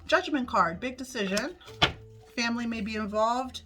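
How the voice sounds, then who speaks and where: A woman's voice: fairly high pitch, expressive, moderate pace, noisy background. A woman giving a casual tarot forecast to her viewers, chatty and upbeat, swearing freely as she talks straight to them. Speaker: tarot reader. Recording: music playing under the voice. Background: background music.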